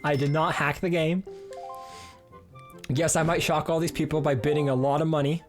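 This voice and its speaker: A man's voice: on the high side, flat delivery, normal speed, faint music behind. A man streaming a video game live, talking playfully and jokingly, often stammering and repeating words. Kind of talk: live gameplay commentary.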